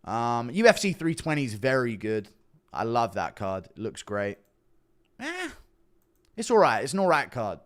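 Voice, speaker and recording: A man's voice: mid-range voice, very animated, normal speed. Young streamer guy, swears a lot, voice bounces all over, chats with viewers. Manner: swearing, offhand, jumps between voices and topics. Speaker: streamer reacting to chat. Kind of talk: casual livestream chat.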